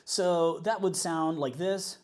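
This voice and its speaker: A man's voice: a little high, fairly even intonation, slow. A man, a worship leader, chatting casually and upbeat on a livestream while working things out aloud.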